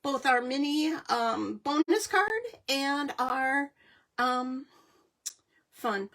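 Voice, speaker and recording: A chatty, excitable middle-aged woman hosting a live card-making stream, with lots of fillers. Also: high-pitched, very slow. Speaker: host of a live crafting show.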